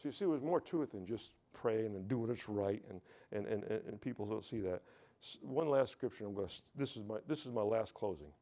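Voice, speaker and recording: A man's voice: lowish voice, animated, fairly quick, warm tone. An American man preaching a sermon, telling a personal testimony, often stumbling and repeating words and calling out to the congregation for amens.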